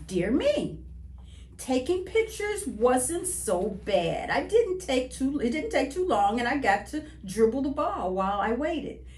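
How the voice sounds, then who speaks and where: Lively woman reading a storybook. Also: sits high, unhurried. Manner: expressive, sing-song storybook reading. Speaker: children's story reader. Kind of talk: reading a picture book aloud to children. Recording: echoey room.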